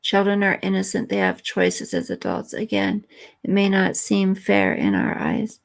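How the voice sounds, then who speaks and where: A woman's voice: mid-range voice, very animated, measured pace, vocal fry. A woman hosting a live stream, chatting earnestly and emotionally with viewers and reading their comments.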